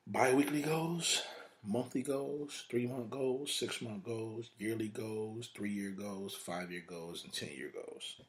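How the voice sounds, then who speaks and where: Male podcast host, lowish voice, preacher-style motivational talk, stacks repetitive lists and rhetorical questions.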